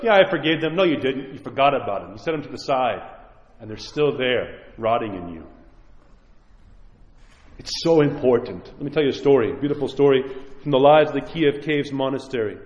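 Man preaching in an echoey hall. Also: mid-range voice. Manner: earnest, emphatic preaching and storytelling. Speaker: priest. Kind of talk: sermon. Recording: echoey hall, dull lo-fi sound.

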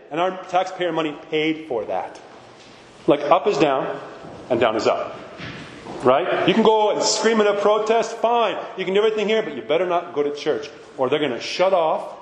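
A man's voice: on the high side, slight background noise. A middle-aged man giving an impassioned talk to a parish gathering, emphatic and insistent, often checking with the audience. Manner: emphatic, keeps asking "right?" and insisting he is serious. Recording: echoey hall with long reverb.

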